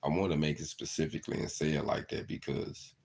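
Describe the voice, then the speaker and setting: Very deep gravelly man. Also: level tone, fast talker, darkish tone. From southeast Arkansas. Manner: earnest, storytelling, repeats "you know". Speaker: channel host. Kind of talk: reflective monologue.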